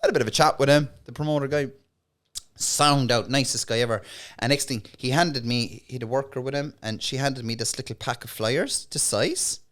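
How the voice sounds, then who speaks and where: A man's voice: medium pitch, a little fast. An Irish man, a comedian guest on a podcast, telling stories in casual chat and acting out the other people in them. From Ireland. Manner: animated storyteller, acts out voices in bursts.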